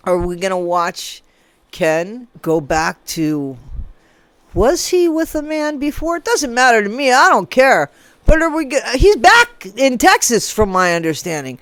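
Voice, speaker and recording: A woman's voice: on the high side, sing-song, unhurried, a bit bright, dry recording. A woman giving casual gossip commentary in a playful, rambling way, with sing-song asides. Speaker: commentary vlogger.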